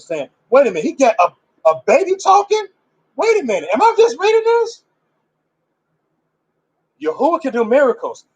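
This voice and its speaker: Husky high-voiced man teaching scripture. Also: low-quality recording. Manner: reads aloud haltingly, stopping for informal asides. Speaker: Bible teacher. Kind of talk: scripture reading with commentary.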